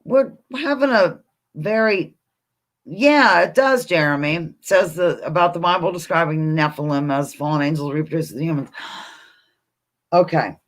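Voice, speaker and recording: A woman's voice: low voice, normal speed. A woman hosting a casual live-stream quiz from home, chatting with viewers, reading their comments aloud and talking to her dog. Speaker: livestream host. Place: home, indoors.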